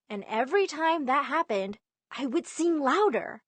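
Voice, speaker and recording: A young woman narrating an animated story in a lively, emphatic way. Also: high-pitched, measured pace, no room sound.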